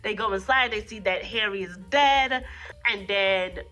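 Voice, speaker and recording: A woman recapping a film in a casual review vlog, a little hoarse from a cold, animatedly acting out the lines as she goes. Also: a little slow, soft background music. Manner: animated retelling, acting out lines in jumps of pitch. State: hoarse, getting over a cold. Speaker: movie reviewer.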